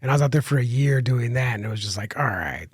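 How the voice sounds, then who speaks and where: A man's voice: mid-range voice, racing, a little mellow, slightly rough, no room sound, clean studio sound. A man telling a long rambling story on a podcast, full of restarts and casual swearing. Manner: rambling, many restarts and fillers, swears freely. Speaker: guest comedian.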